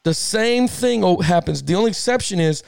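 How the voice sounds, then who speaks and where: A middle-aged man co-hosting a casual sports podcast. He tells a heated story in an animated, slangy way, repeats himself and laughs often. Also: sits high, moderate pace, creaky, clean tone, no room sound, clean studio sound. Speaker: podcast co-host.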